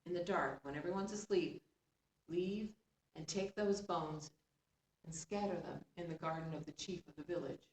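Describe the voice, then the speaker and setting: A kind magical fish from a folktale, speaking gently and earnestly, as a woman storyteller puts him on. The voice is a touch higher than an ordinary talking voice. It is heard from a distance in a roomy space with a faint hum behind it. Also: moderate pace, close to an everyday voice. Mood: reassuring.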